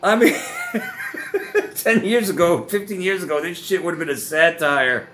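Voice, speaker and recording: A man's voice: high-pitched, animated, measured pace, pushed and bright, faint music behind. A man hosting reaction commentary, ranting with heavy profanity and frequent laughter. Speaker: host.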